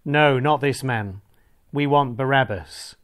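A man's voice: medium pitch, brisk, lightly acted. A man reading scripture aloud and voicing a group of insistent, angry male accusers in a slightly raised voice.

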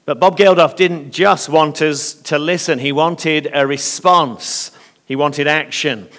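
A slightly hoarse man preaching a sermon in earnest, often pausing on fillers. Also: on the high side. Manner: earnest, with hesitant fillers and softening in prayer. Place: church. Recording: long reverb of a church hall.

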